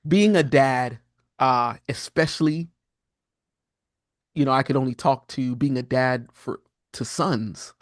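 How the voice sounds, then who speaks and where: Slowly and with frequent pauses, a prophetic teacher in his thirties shares a personal story as a podcast guest, casual, earnest, and candid. His mid-range pitch leaps up when he acts out his own words, and he's animated, often stumbling, restarting, and using fillers. The sound is dry and close, with no room echo.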